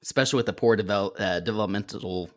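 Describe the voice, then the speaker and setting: A man co-hosting a casual sports podcast, animated and jokey, bringing in comments from the live chat. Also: lowish voice, fast talker. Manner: animated, jokey, laughs at his own points.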